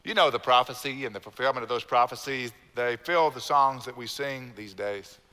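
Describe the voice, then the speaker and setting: A man's voice: medium pitch, normal speed, pushed and bright, clear, resonant tone. A man, a pastor preaching a sermon with emphatic repetition and calling on the congregation to repeat lines. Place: church sanctuary. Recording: long church hall reverb.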